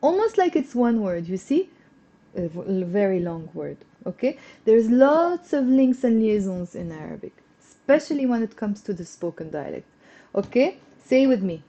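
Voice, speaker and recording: A woman teaching a live online language lesson. She explains patiently, repeats phrases slowly and encourages her students as she goes. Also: medium pitch, very animated, mellow, lo-fi sound. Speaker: Lebanese Arabic teacher.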